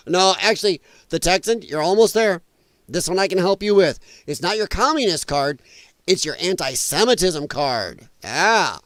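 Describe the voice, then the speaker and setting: A man's voice: high voice, lively intonation, unhurried, fairly bright tone, no echo. A man hosting an opinionated news commentary show, talking bluntly and mockingly, and rambling as he goes. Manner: rambling, trails off while scrolling. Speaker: podcast host.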